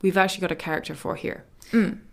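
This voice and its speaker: A woman teaching Mandarin in a lesson podcast, explaining chatty and repeating words slowly and clearly. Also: lowish voice, fairly even intonation.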